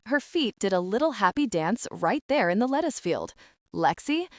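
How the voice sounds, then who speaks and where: A woman narrating a novel as an audiobook reader, in even, expressive storytelling. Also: mid-range voice, normal speed, no room sound, clean studio sound. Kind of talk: scripted narration.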